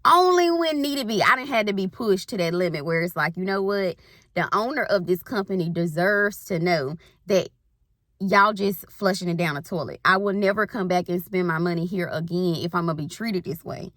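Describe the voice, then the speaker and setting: Bright-voiced Southern woman coach. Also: fairly low pitch, normal speed, dry recording, studio quality. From Southern US countryside. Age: 30s. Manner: folksy Southern slang, rambling asides. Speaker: spiritual life coach. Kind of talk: casual spiritual pep talk.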